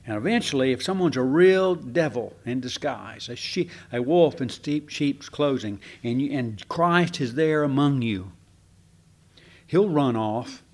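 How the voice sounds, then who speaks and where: Folksy pastor preaching. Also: male voice, mid-range voice, lively intonation, measured pace. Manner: folksy, asks the congregation questions, trails off and restarts. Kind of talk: conversational sermon.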